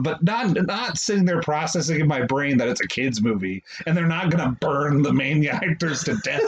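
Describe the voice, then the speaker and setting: A man co-hosting a podcast, telling a story in casual chat and laughing often. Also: fairly high pitch. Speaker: podcast co-host. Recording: dull lo-fi audio, faint hiss.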